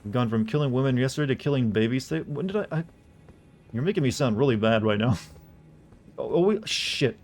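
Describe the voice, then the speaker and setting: A man's voice: medium pitch, fast, darkish tone, slight background noise. A man from the American South streaming a game live, chatting loosely and profanely with his viewers. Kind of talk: casual livestream commentary.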